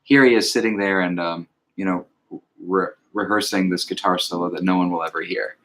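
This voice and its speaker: A man with a fairly low voice talks through an album with a co-host. He is reflective and thoughtful, and he slows into a measured cadence when he recites lyrics. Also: steady tone, a bit bright. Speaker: podcast co-host. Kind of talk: casual music discussion.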